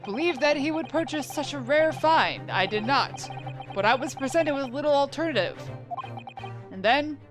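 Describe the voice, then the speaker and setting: A pompous, old-fashioned elderly shopkeeper speaks as a video game witness, as a woman reads him out. The voice sits high. Game music plays clearly behind him. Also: animated, moderate pace. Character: eccentric old male antique-shop witness. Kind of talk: reading game dialogue aloud.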